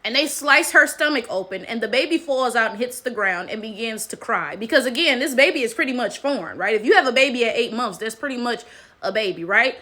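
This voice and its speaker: Bright high-voiced woman, emphatic commentary. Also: expressive, a little fast. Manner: emphatic, repeats "right?" as tag question. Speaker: commentary channel host. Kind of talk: casual commentary monologue.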